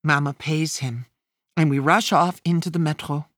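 A woman narrating a first-person memoir as an audiobook, in a measured, plain storytelling manner. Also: deep voice, fairly even intonation, a bit bright, dry recording, clean studio sound.

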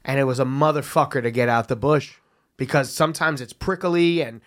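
A man from the New York area co-hosting a casual podcast, with quick reactions and jokey asides. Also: medium pitch. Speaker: podcast co-host.

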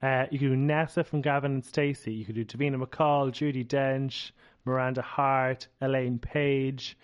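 A man's voice: medium pitch, steady tone, moderate pace, clear, resonant tone, dull audio. Chatty Irish man, podcast co-host. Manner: chatty, listing ideas eagerly. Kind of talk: casual chat.

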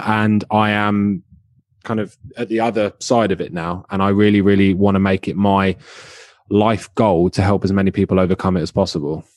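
Young guy from the uk on a podcast, chill and jokey, lowish voice, dry sound. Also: darkish tone, dry recording. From United Kingdom. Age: 20s. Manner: easygoing and jokey, a little self-deprecating. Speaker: podcast guest, video coach. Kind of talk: casual podcast interview.

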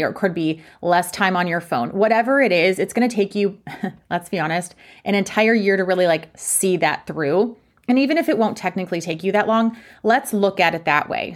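A young woman hosting her own podcast as a fitness coach, talking frankly and chattily, poking fun at herself. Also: fairly low pitch. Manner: frank, chatty, self-deprecating. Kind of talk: candid solo podcast talk.

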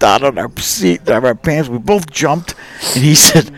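A man's voice: medium pitch, moderate pace. A man telling a hunting story as a podcast guest, acting out the dialogue and laughing often. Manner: lively, laughing storyteller who acts out both sides of dialogue. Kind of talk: animated storytelling.

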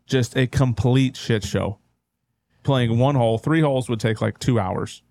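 A man on a casual podcast telling a caddying story, relaxed and swearing easily as he quotes himself. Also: medium pitch, unhurried, a little hiss or hum.

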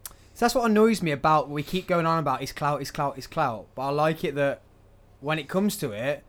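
Jokey male podcast host, a bit high. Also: lively intonation, fairly quick, fairly bright tone. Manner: jokey, laughing, stumbles over names. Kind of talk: casual chat over a fight.

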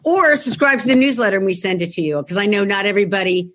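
A woman author with a Philadelphia accent, telling jokey, animated stories in a casual chat. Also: mid-range voice, fast talker. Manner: jokey, animated storyteller, talks to herself. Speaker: author guest.

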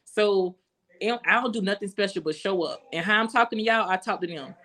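A woman's voice: mid-range voice, fairly quick, fairly bright tone. A woman guest talking casually and earnestly on a podcast, reflective and full of slang.

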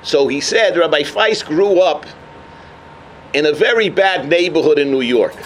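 A man giving a sermon as a rabbi, telling a story with animated energy. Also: on the high side, unhurried, a little hiss or hum. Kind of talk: sermon on the weekly portion.

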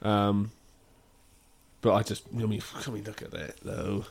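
A man's voice: fairly low pitch, little pitch movement, measured pace, gravelly, breathy edge. A man in casual chat, telling a rambling anecdote with swearing and frequent laughs.

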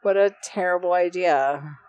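A woman's voice: on the low side, unhurried, darkish tone, smooth. A woman guest on a casual podcast watch-along, wry and teasing, asking newcomer questions. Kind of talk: casual chat during a live watch-along.

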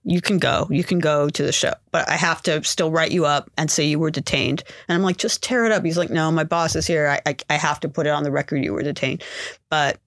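A woman guest on a podcast telling a story in casual chat, acting out what people said in raised, excited voices. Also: deep voice, fairly quick. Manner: acts out quotes in raised voices.

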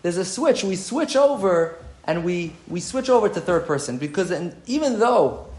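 A man's voice: high-pitched, lively intonation, moderate pace, darkish tone, reverberant. A man giving a Talmud lesson, reading Hebrew quotes and then explaining them. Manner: explains texts aloud, reads Hebrew quotes then translates, repeats phrases. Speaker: Torah teacher. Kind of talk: Talmud lecture.

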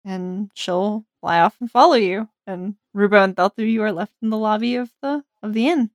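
A woman game master narrates a fantasy tabletop game in a lively, casual manner, sprinkling in fillers. Her voice is mid-pitched and recorded close and dry. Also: normal speed, no echo.

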